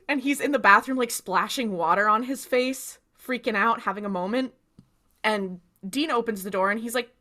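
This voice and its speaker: A woman's voice: fairly high pitch, moderate pace. A woman co-hosting a podcast, casually recapping a TV episode and acting out the characters' lines as she goes. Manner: lively scene retelling with acted-out quotes. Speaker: podcast co-host.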